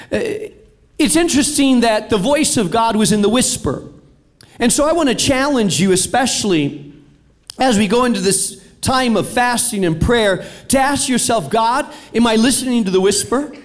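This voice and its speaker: Middle-aged male pastor, fairly high voice, sermon in a big auditorium, dramatic loud-soft swings. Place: large auditorium.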